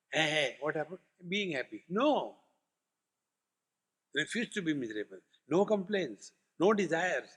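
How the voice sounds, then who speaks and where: A man's voice: fairly high pitch, fairly bright tone, breathy edge. A man giving a spiritual discourse as a swami, emphatic and repetitive, with humorous stories. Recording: long hall reverb.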